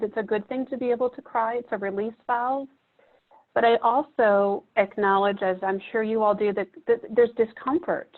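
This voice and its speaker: Reflective woman, tinny audio. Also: mid-range voice. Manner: gentle, reflective, asks the audience questions. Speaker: presenter at a training. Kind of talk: teaching talk to therapists. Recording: muffled phone-like audio.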